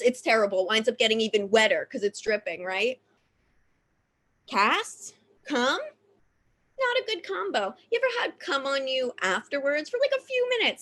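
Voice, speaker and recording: A woman's voice: fairly high pitch, fairly bright tone. A woman telling a frank, comic personal story on stage, casual and profane, full of fillers. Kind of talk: live comedic storytelling.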